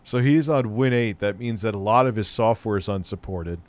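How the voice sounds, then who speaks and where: A man's voice: fairly low pitch, normal speed, a little mellow. A middle-aged man hosting a live stream, chatting loosely and rambling, with casual swearing. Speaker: streamer host.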